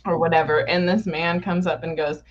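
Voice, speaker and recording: A woman's voice: fairly low pitch, steady tone, moderate pace. A woman who works at a library, telling workplace stories in a casual chat and laughing often. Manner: laughing, exasperated storyteller. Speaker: library worker. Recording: dull lo-fi recording with faint hiss.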